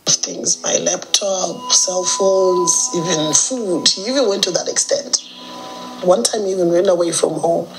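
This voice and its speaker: A woman's voice: lowish voice, unhurried, low-quality recording. Zimbabwean woman, middle-aged mother, earnest and worried, music behind. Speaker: interviewed mother. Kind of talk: documentary interview.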